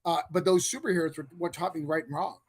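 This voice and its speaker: A man from New Hampshire in casual chat, teasing with deadpan sarcasm before turning to a personal story. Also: a little high, fast talker.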